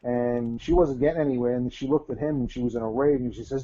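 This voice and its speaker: A man's voice: mid-range voice, fairly even intonation, quick pace, dark tone. A man co-hosting a casual live talk show, telling long anecdotes full of restarts and repeated words. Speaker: co-host. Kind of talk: casual live-stream chat. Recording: slightly dull lo-fi audio.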